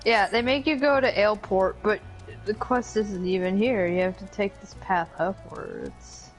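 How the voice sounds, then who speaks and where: A woman's voice: mid-range voice, a little slow, faint music behind, poor audio. A woman chatting and joking casually while playing a video game with a friend. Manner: giggly, jokey banter. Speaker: let's play co-host. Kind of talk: casual gameplay chat.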